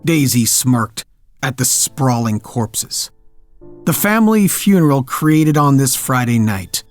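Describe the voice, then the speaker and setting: A man narrating a scripted horror story in a measured, darkly dramatic way. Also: medium pitch, sing-song, soft background music.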